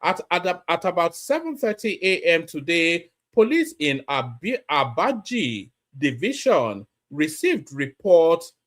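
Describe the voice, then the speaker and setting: Lively man reading news. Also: a little high. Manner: measured, explaining with many fillers. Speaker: host. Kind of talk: news commentary.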